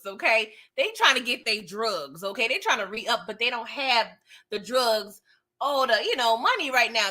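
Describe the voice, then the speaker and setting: A woman hosting a casual TV recap, talking in an animated way, often laughing and tagging her sentences with "okay?". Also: a little high. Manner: animated, tags lines with "okay?". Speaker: TV recap channel host.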